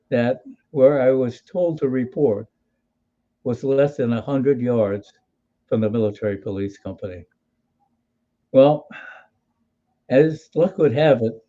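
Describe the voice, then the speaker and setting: An elderly man in his eighties recalls his army days in an interview, folksy and wry, restarting his sentences as he goes. His voice sits at an ordinary pitch with a mellow, dark tone, and the recording sounds a little dull and lo-fi. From Hawaii. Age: 80s. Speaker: interview guest, military veteran. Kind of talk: storytelling in an interview.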